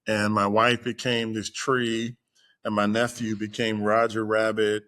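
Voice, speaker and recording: Middle-aged man, low voice, podcast guest, casual storytelling, acts out quotes, lots of fillers. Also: flat delivery, unhurried, fairly bright tone. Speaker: guest executive. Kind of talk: personal storytelling in conversation.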